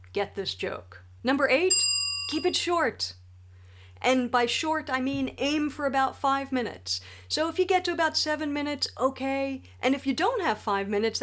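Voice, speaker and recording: A woman in her forties, a wedding speech writer, gives jokey, emphatic tips straight to the camera. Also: high voice. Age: 40s. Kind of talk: direct-to-camera tips video. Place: home studio with a ring light.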